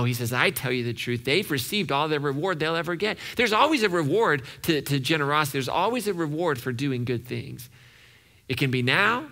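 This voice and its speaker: A man's voice: mid-range voice, bright, forceful tone. A man preaching a conversational sermon as pastor, repeating phrases and checking in with "right?".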